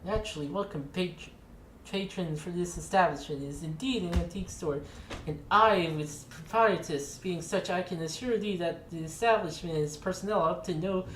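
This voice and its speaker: A woman's voice: fairly low pitch, moderate pace, close to an everyday voice. Woman playing a pompous fly shopkeeper. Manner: stilted, archaic, wordy. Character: pompous fly woman running an antique store. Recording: echoey room with faint noise.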